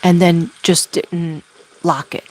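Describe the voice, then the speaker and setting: A woman doing a spirit reading as a medium, talking haltingly and relaying messages with many fillers. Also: lowish voice, fairly even intonation, darkish tone, poor audio. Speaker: psychic medium.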